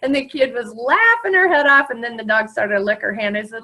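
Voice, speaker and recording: A woman interviewing a guest in a casual chat, telling stories with lots of laughter and sudden high-pitched quoted lines. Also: fast, few pauses, rough recording. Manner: animated storyteller, laughs often, jumps high on quoted lines. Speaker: interviewer and coach.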